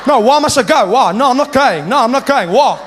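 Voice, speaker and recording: A man's voice: very high-pitched, animated, brisk, slight background noise, voice pushed up. A man playing a cocky teenage schoolboy who argues back at his teacher. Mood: defiant. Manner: indignant protesting, arguing back.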